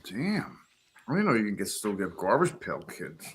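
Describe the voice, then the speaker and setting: A man's voice: on the low side, wildly swooping pitch, moderate pace, slight background noise. A man in casual group chat on a live stream, talking in a laid-back way.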